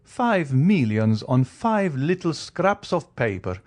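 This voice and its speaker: A man voicing a wealthy, coolly ironic middle-aged count who talks in a teasing, measured way. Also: fairly high pitch, very animated, a little mellow, pitched above the performer's own voice. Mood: amused. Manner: teasing, measured, faintly mocking.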